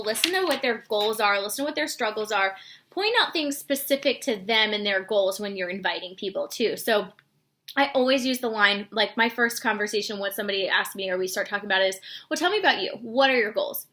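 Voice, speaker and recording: Woman fitness coach, chatty and informal, crisp bright tone, acts out quick upbeat sample messages. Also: medium pitch. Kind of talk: casual instructional talk.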